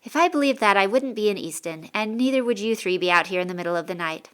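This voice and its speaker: A woman's voice: mid-range voice, expressive, fast talker, a bit bright, clear, resonant tone, natural voice. A woman voicing a bossy adult male soldier captain who talks down to the children with sarcasm. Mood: mocking. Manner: sarcastic, commanding.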